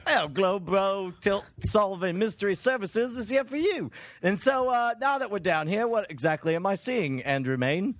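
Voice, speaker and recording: A man voicing an overeager, bumbling mystery buster with a deliberately bad fake British accent. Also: very high-pitched, huge pitch swings, creaky, pushed and bright, no room sound, clean studio sound, pitched above the performer's own voice, heavily acted. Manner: overeager, blustering. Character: eager bumbling male mystery buster, glowing top hat.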